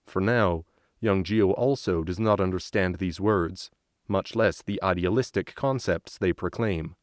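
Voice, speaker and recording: A man with a very low voice reads a story aloud as narrator, slow and measured. The recording is close and dry, with no room sound. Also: dry recording. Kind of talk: scripted audiobook narration.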